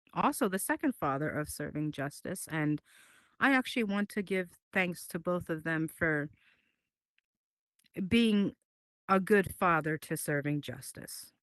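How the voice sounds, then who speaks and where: Halting, earnest woman with a low voice. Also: a bit bright, clean tone, dry recording. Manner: halting, repeats words, earnest. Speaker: talk show guest. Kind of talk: emotional personal statement.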